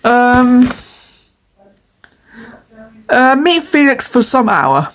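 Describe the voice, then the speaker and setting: Slow, lively high-voiced woman. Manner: playful, hesitant with many fillers, laughs often. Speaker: video creator answering quiz questions. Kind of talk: casual solo commentary.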